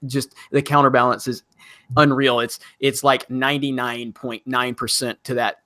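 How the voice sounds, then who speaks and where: A man's voice: mid-range voice, little pitch movement, normal speed, sharp tone, no room sound, studio quality. A man hosting a casual livestream chat, reading viewer comments in a rambling way with frequent restarts. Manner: rambling, restarts often, laughs now and then. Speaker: livestream host.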